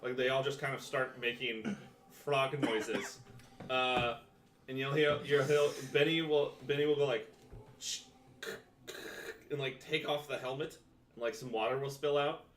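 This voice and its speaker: A man's voice: mid-range voice, steady tone, measured pace, a bit bright, reverberant, slight background noise. A man running a tabletop game as game master, narrating loosely with lots of fillers and casual cursing.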